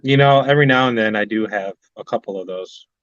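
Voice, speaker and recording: A man chatting casually on a remote line, unhurried and trailing off with fillers. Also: on the low side, fairly bright tone, no echo, muffled recording. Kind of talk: casual chat.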